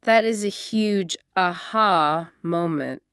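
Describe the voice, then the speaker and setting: A woman's voice: lowish voice, slow, a bit bright, clean tone, no echo, studio quality. A woman co-hosting a podcast English lesson, asking curious, prompting questions. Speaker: English teacher, podcast co-host. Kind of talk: scripted podcast lesson dialogue.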